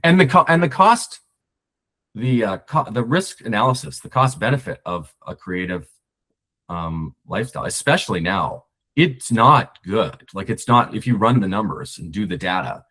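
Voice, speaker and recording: Low-voiced guy on a podcast, thinking out loud, lots of restarts, keeps circling back. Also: expressive, normal speed. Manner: reflective, rambling with many restarts. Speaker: podcast guest, screenwriter. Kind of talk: casual conversation.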